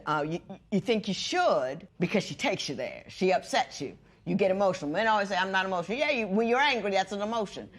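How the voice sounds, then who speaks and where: A middle-aged woman as a TV court judge, handing down rulings in a firm, animated, lecturing way. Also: deep voice.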